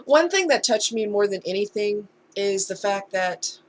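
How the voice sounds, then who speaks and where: A woman's voice: medium pitch, animated, moderate pace, a little hiss or hum. A woman speaks in a candid, heartfelt storytime vlog. Her voice sits in an ordinary middle register, and she talks in a loose, conversational way. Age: adult. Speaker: vlogger. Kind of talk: casual storytime chat.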